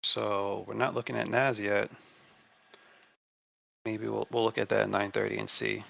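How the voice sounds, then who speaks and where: Gravelly, bright-voiced male trading host. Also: lowish voice, little pitch movement, moderate pace, no echo, dull audio. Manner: laid-back, repeats phrases to himself. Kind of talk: live market commentary.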